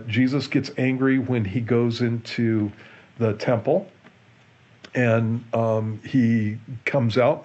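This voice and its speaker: A man, a pastor, explaining a Bible passage in a relaxed Q&A show, earnest and often restarting and repeating his words. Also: mid-range voice, lo-fi sound. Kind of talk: conversational Bible teaching in a Q&A show.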